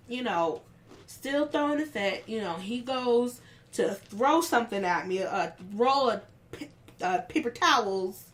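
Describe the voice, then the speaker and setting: A woman's voice: a little high, animated, a bit bright, slight background noise. A woman casually telling a story from work, acting out what others said with raised voices. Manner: unhurried, acts out the quotes of others with raised voices.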